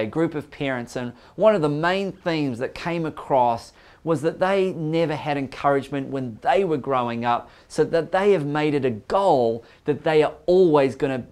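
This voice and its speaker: A man hosting a Christian teaching show, speaking conversationally and acting out quoted lines. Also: mid-range voice. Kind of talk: casual Bible teaching talk.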